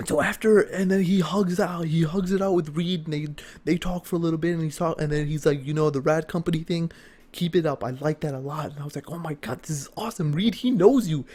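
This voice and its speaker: A young man recounts a story to his viewers in a casual vlog, his voice sitting a little high for a man. He talks fast and swears freely, now and then leaping into shouted excitement. It sounds like a room at home. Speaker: gaming YouTuber.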